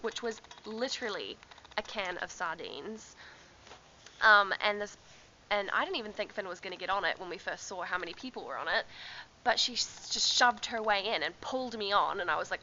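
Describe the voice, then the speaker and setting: A woman's voice: medium pitch, lively intonation, a little fast, sharp tone, dull audio, a little hiss or hum. A young woman telling a travel story to her camera in a chatty vlog, laughing often and filling with ums and likes. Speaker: travel vlogger. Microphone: handheld camera.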